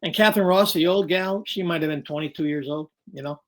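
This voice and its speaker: A man in his sixties, a regular guest on a chat show, spins a childhood anecdote. He acts out every quote with shifting voices. The delivery is loose and conversational, in a middle-pitched voice. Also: fast talker. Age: 60s. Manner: animated storyteller acting out quotes. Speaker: weekly guest. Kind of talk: casual storytelling.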